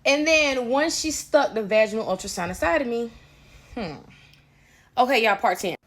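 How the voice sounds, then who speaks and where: A woman's voice: a little high, animated, moderate pace. A woman telling her story casually, quoting others along the way. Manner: chatty, recounts with quoted dialogue, drops to quiet. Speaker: storyteller in played storytime clip.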